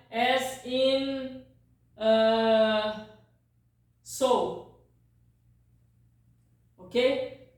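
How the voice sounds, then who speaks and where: Brazilian woman teacher, slow, keeps saying ok?, kinda high voice, roomy echo. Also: recorded from a distance. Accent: Brazilian Portuguese. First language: Portuguese. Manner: patient, repeats words, frequent "ok?" checks. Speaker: language teacher. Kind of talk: slow song-lyric vocabulary lesson.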